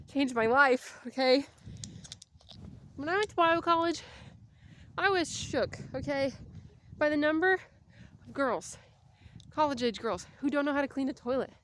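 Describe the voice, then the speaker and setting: A woman's voice: high voice, animated, normal speed, a bit bright, a little hiss or hum. A young woman vlogging casually while out walking, chatty and rambling, and out of breath. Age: young adult. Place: outdoors on a walk.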